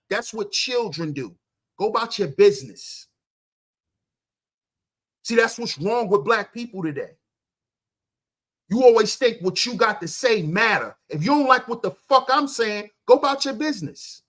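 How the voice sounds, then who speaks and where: A man hosting a livestream, ranting loudly and crudely at his chat, firing off rhetorical questions and answering them himself. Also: high-pitched, big pitch swings, unhurried. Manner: loud, confrontational, profane, often shouting. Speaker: livestream host. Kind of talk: ranting commentary to live chat.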